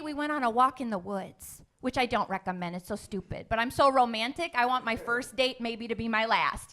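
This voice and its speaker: A woman's voice: sits high, pushed and bright. A young woman doing a stand-up comedy set, sarcastic and teasing the crowd with punchy delivery. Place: comedy club stage.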